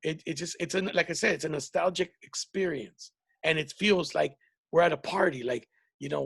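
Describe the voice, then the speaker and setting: Gravelly high-voiced man telling stories. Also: a bit bright, no room sound, clean studio sound. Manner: profane, rambling storytelling with many restarts. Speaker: podcast host and comedian. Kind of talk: casual chat.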